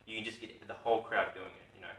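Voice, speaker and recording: An Australian man hosting a casual live radio interview, joking and bantering quickly. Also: fairly low pitch, level tone, distant mic, crowd noise. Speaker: radio host. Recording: roomy studio, off-mic.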